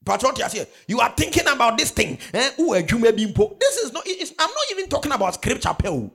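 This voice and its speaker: A man preaches a sermon in a high, animated voice that leaps up and down in pitch. He drives his points with call-and-response questions and slips in phrases from his local language. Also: quick pace, vocal fry, breathy edge. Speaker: pastor.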